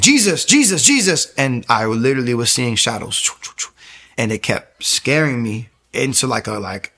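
A man earnestly telling his personal faith testimony, acting out the people in his story. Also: medium pitch. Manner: earnest, acts out quoted people in lively bursts. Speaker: speaker sharing a testimony.

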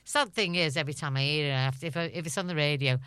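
A woman's voice: low-pitched, racing, fairly bright tone, clean tone, no room sound. A middle-aged woman with a Liverpool Scouse accent, a guest chatting casually and laughing as she tells stories. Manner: chatty storyteller, laughing often. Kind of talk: casual interview chat.

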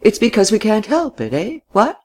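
A reader voicing an old, courtly gentleman who babbles and fumbles with his words in a storybook reading. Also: medium pitch, wildly swooping pitch, normal speed, pitched above the performer's own voice. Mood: genial, babbling. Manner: babbling, hesitant, with little "eh? what?" tags.

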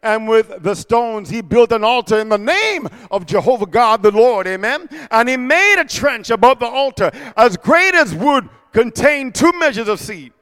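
Male preacher, very high resonant voice; chants scripture, then shouts and teases. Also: sing-song, normal speed, hardly any pauses, clean tone, big-room sound. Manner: sing-song scripture reading broken by shouted mocking asides and laughs. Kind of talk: sermon.

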